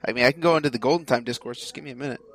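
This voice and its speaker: A man's voice: medium pitch, rapid-fire, fairly bright tone, low-quality recording. A man co-hosting a casual podcast, rambling playfully and swearing freely. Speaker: podcast co-host.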